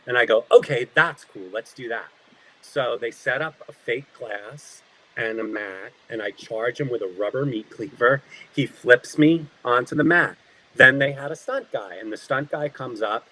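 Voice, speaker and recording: A man who works as an actor, a guest telling lively stories in casual talk. He acts out quoted lines and often laughs. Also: medium pitch, normal speed, rough recording.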